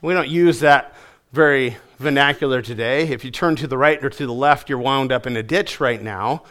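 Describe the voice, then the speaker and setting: A man preaching a sermon, stressing key phrases with repeated lines and letting his voice fall low at the ends of sentences. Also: normal speed, fairly bright tone.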